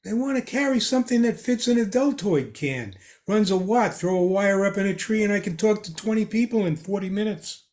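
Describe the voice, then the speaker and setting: An older man, a guest on a hobby podcast, tells casual anecdotes with an animated, chuckling delivery. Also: high voice, fairly quick. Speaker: guest ham radio expert. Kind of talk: casual storytelling in a podcast chat.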